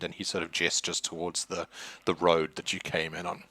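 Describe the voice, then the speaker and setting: A man's voice: low-pitched, level tone, moderate pace, few pauses, sharp tone, dry recording. A man narrating as game master, loose and hesitant with many fillers. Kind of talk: narrating a tabletop horror game.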